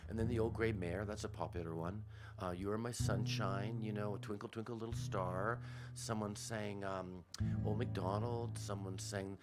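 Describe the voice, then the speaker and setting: A man's voice: on the low side, fairly even intonation, moderate pace. A man telling a childhood story on the radio in a rambling way, often backtracking and interrupting himself.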